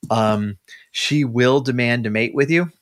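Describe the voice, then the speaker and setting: A man's voice: mid-range voice, a little slow. A man with a mid-range voice rambles through a long story in casual podcast chat. He restarts sentences often and leans on fillers as he goes. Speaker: podcast guest.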